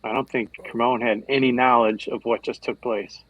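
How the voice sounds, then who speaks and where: A man playing a tabletop game, relaxed and planning moves aloud. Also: medium pitch, moderate pace, husky, poor audio. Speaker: player.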